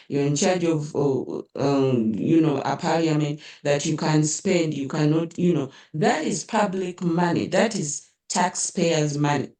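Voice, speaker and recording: A woman's voice: low-pitched, darkish tone, recorded from a distance. Indignant Ugandan woman commentator, echoey. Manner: indignant, rhetorical, many fillers like eh and hmm. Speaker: political commentator. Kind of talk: impassioned political commentary.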